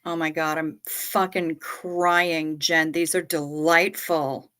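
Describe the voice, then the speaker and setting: Lady streamer at home, lowish voice, bright and punchy tone, swears a lot, rambles. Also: level tone, slow pace, clean tone. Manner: profane, candid and rambling. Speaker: livestream host. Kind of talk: casual livestream chat.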